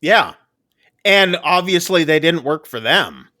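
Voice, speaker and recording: A man with a bright, forceful voice, chatting casually as he rambles through a plot recap. He talks loosely with plenty of fillers and throws in quick jokes. His voice sits a little high and sounds dry and close. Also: animated, no echo. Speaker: podcast co-host reviewing a film.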